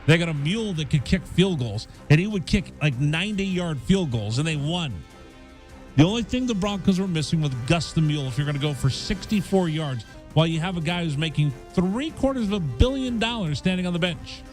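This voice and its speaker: A young man hosting a sports talk radio show, quick and joking, with music behind. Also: fairly high pitch, lively intonation. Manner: quick, joking, jumps into bits. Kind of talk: casual sports chat.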